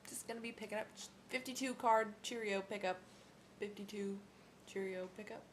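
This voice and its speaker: Young woman vlogger, snarky rant to camera, mid-pitched, home camera mic, faint room hiss. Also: steady tone, moderate pace. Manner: sarcastic, swears freely, many ums. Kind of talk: casual ranting vlog. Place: at home with her baby.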